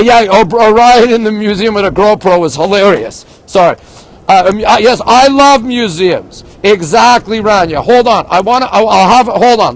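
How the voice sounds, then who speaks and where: A man's voice: high-pitched, dry recording, poor audio. Older man ranting on a live stream. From Montreal. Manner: ranting, talks straight to viewers, reads out chat. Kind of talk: casual live-stream chat. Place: outdoors in a big city at dawn. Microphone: phone.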